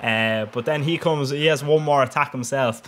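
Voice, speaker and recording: A young man commentates on football video game matches he played himself, joking, rambling and laughing throughout. The gaming channel host speaks at normal speed in a medium, fairly bright voice, with slight background noise.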